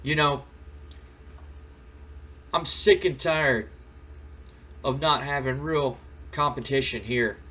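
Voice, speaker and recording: Man playing a tough brawler, loud, boastful, impatient, distant mic. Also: mid-range voice, a little hiss or hum.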